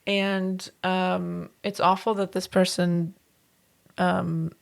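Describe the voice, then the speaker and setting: A woman's voice: on the low side, little pitch movement, takes it slowly, creaky. A woman co-hosting a podcast in casual chat, easygoing and playful, laughing along with her co-host.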